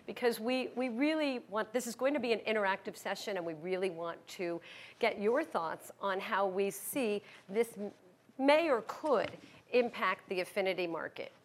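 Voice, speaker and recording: A woman moderating a conference panel in a room, upbeat and quick to laugh, introducing speakers. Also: medium pitch. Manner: upbeat, laughs lightly, self-correcting.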